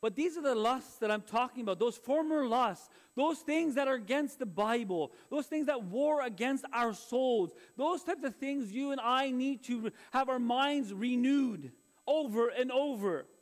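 A man's voice: very high-pitched, moderate pace. A middle-aged male pastor preaching a sermon in an earnest, confessional way, often restarting his phrases.

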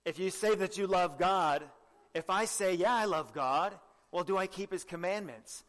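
A man's voice: sits high, normal speed, fairly bright tone. Earnest preaching man in a reverberant hall. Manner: earnest, exhorting, asks the listeners direct questions; clears throat often. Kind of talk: sermon.

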